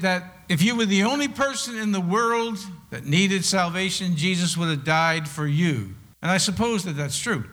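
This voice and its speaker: An older man preaching a sermon, reading scripture slowly and with deliberate emphasis on each word. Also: high voice, sharp tone.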